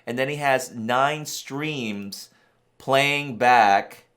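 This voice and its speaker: A man hosting a camera channel, reacting to a new release in a rambling, excitable way and laughing in disbelief. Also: mid-range voice, very slow. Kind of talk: excited casual reaction vlog.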